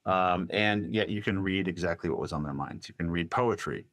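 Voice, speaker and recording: A man telling a long story as a podcast guest, animated and quoting voices, with many restarts. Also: deep voice, normal speed, dry recording. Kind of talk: storytelling in a casual interview.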